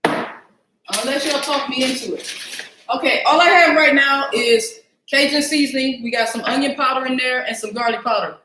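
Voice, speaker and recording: High-voiced chatty woman cooking host. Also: moderate pace, roomy sound, background noise. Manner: chatty and self-mocking, talks to viewers while searching the spice shelf. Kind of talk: casual live cooking stream chat. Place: home kitchen.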